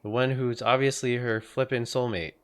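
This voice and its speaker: A man's voice: mid-range voice, steady tone, moderate pace, background noise, close to an everyday voice. A man reading as a cheeky boastful fairy sidekick. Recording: game music playing behind.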